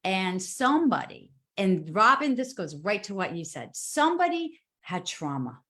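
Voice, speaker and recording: Woman guest on a live video chat, lively and emphatic storyteller, mid-pitched voice. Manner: animated, emphatic storyteller with quick asides. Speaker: guest speaker.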